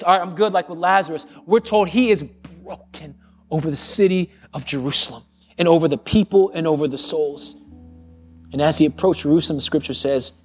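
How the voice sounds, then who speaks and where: Earnest pastor with a higher voice. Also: male voice. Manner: earnest and conversational, repeating phrases for emphasis; drops to a hushed voice on solemn lines. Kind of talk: sermon.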